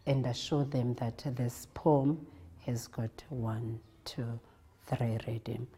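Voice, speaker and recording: A South African woman teacher talks through her classroom methods in a calm, explanatory way. Her voice sits very low and sounds husky and dark. She speaks slowly and steadily. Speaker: primary school teacher. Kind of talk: reflective interview narration.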